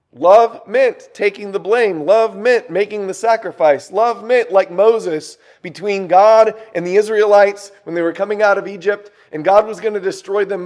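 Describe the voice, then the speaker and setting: Man preaching, high voice, animated, rhetorical questions. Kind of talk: sermon.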